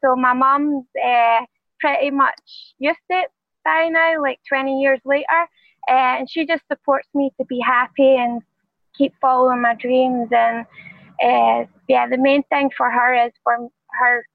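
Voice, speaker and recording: A woman with a Scottish accent, a professional fighter answering interview questions in a quiet, soft-spoken way. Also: sits high, steady tone, measured pace, creaky, dry recording, narrow, tinny audio. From Scotland.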